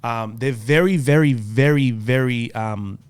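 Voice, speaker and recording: A man's voice: mid-range voice, measured pace, clear, resonant tone, no echo. A man, a podcast co-host, telling a story in casual chat, blunt and swearing freely. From Australia. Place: podcast studio.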